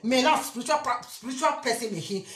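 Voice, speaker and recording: A Nigerian woman giving an impassioned, emphatic rant to camera as a spiritual vlogger, often bursting into shouts. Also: fairly high pitch, quick pace, reverberant.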